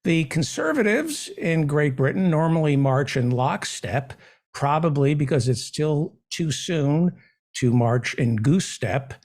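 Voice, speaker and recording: A man hosting a comedy show, delivering a sarcastic, deadpan satirical monologue. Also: fairly high pitch, a little slow. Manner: sarcastic, deadpan jokes with mock questions.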